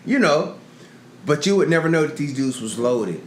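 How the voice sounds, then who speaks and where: A man's voice: fairly high pitch, sing-song, moderate pace. A middle-aged man co-hosting a podcast, telling profane stories in casual chat and acting out quotes. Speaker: podcast co-host. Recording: roomy echo, faint noise.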